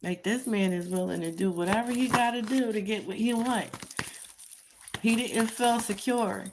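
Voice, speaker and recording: Gravelly-voiced woman giving a chatty tarot reading. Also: medium pitch, moderate pace, noisy background. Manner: repetitive, emphatic, chatty; laughs at her own reading. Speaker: tarot reader. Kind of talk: casual tarot reading commentary.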